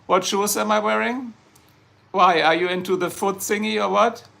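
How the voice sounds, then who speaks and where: A man's voice: sits high, steady tone, normal speed, creaky, pushed and bright. A man from Germany with a German accent, hosting a casual livestream and chatting to viewers in a rambling, jokey way. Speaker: livestream host. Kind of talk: casual livestream chat answering viewer comments.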